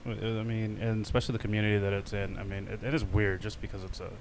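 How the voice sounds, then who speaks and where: Low-voiced guy co-hosting a podcast, chill rambly talk, casual swearing, bit of hiss behind. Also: little pitch movement, quick pace. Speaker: podcast co-host.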